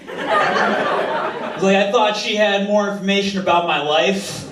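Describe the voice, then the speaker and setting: A man's voice: a little high, big pitch swings, unhurried, pauses often. A man from Massachusetts doing a stand-up comedy set on a club stage, wry and self-deprecating, on a handheld mic. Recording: roomy club, distant mic, noisy.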